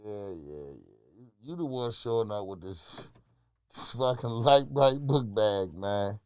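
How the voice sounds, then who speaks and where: A man's voice: on the low side, lively intonation, a little slow, a little mellow, clean tone, no echo, studio quality. A man playing a boastful older male hustler character in an improvised comedy bit, trading insults. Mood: brash. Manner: boastful, combative trash talk. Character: self-styled older masked male hustler, brash.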